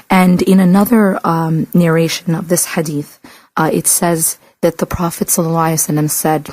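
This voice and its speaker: A woman hosting a religious radio talk, a little sick, speaking reflectively with many pauses and restarts. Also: low-pitched, little pitch movement, a little mellow, no room sound. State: sick, voice coming in and out. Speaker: radio show host and Islamic lecturer.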